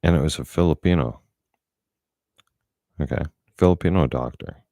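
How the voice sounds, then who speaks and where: Middle-aged male vlogger, very low voice, dry close sound, swears freely while recounting. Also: moderate pace, mellow, no room sound. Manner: blunt, profane, angry storytelling. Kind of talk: casual storytelling.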